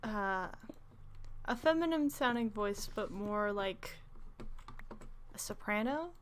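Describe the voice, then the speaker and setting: A young woman streams a game and chats in a loose, giggly way with lots of fillers, describing her voice as alto. It's medium in pitch and animated, but slow. A little hiss or hum is audible.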